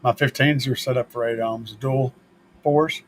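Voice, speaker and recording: A man's voice: mid-range voice, steady tone, unhurried, a little hiss or hum, rough recording. A man hosting a car audio show, chatting casually and answering viewer questions in a laid-back, joking manner and swearing freely.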